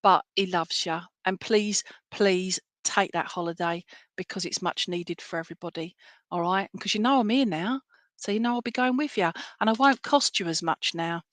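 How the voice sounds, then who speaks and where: A woman's voice: medium pitch, moderate pace, a bit bright, dry recording. A woman medium giving clairvoyant readings in an online service, chatty and affectionate, often checking in with "all right?". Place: home, by herself.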